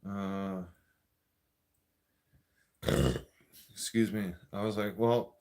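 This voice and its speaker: A man's voice: on the low side, fairly even intonation, very slow, darkish tone. A man telling a profane, rambling story in a casual rant. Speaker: vlogger.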